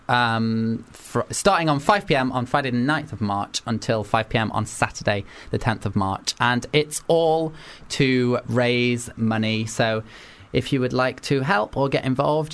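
A man hosting a casual radio chat show, chatty and quick to laugh. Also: mid-range voice, a bit bright. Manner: chatty, giggly, jumps in often. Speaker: radio host.

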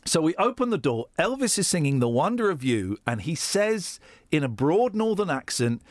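Playful teasing radio host. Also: male voice, on the high side, very animated, moderate pace. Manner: playful, teasing, jokey storytelling. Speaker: radio breakfast show host. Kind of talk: bantering radio chat. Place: radio studio. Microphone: studio microphone.

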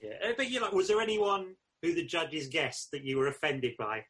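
A male host in casual chat, asking quick quiz-style questions. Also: a little high, a bit bright.

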